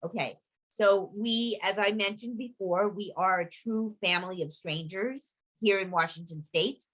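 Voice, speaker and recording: A middle-aged woman with a clear New York accent presents over a video call, her pitch sitting right in the middle of the usual range. She talks loosely and conversationally, dropping frequent fillers and restarting her sentences as she goes. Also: unhurried, a bit bright, rough recording. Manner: chatty, full of fillers and restarts. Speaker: historical society presenter.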